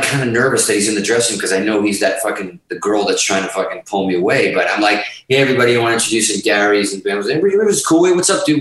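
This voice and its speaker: Profane animated storyteller man. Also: on the low side, heavy reverb, far from the mic, rough recording. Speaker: guest musician. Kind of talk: casual storytelling.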